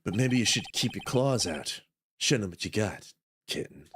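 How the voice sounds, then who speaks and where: A man voicing a cool, smooth-talking older male prosecutor in a game read-along, with a low, teasing drawl. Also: animated, normal speed, fairly bright tone, slight background noise.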